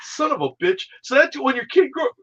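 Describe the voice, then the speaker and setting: A man from the American Midwest hosting a casual chat, telling a story in an animated, profane way on a dull lo-fi recording. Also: extremely high pitch, a little fast.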